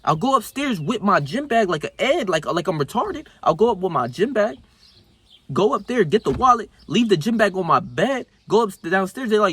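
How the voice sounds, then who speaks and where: A young man talking casually into the camera, telling a story full of slang and swearing, and he gets animated when he acts out scenes. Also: high-pitched, normal speed, slightly rough, no echo. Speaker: self-improvement vlogger.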